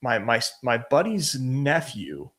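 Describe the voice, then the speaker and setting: A man's voice: mid-range voice, huge pitch swings, slow pace, fairly bright tone. Laid-back man from western Pennsylvania. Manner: laid-back, swears, tells stories. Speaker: podcast co-host. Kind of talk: casual storytelling chat.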